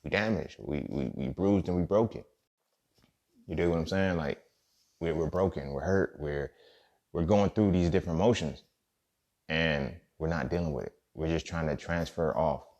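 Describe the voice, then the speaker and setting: A podcast host with a very deep, slightly mellow voice speaks at a moderate pace. His casual storytelling monologue about his own life is slangy and profane, punctuated by "you feel me."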